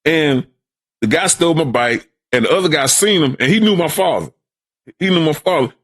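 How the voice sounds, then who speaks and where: Guesting on his son's podcast, an older Brooklyn man spins stories in relaxed talk, repeating words and imitating the people he quotes. His voice sits on the high side, fairly quick and fairly bright, with lively intonation.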